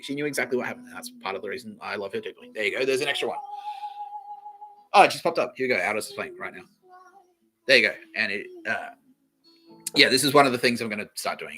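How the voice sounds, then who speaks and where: Riffing solo on his comedy podcast, this Australian host rambles, laughs and swears without restraint. He has a lowish, sharp-toned voice. His manner is giggly and loose, and he often drops into quoted voices.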